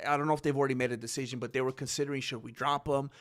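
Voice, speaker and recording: A man's voice: mid-range voice, fairly even intonation, racing. A man hosting his own commentary channel, giving heated opinions and acting out the voices he quotes.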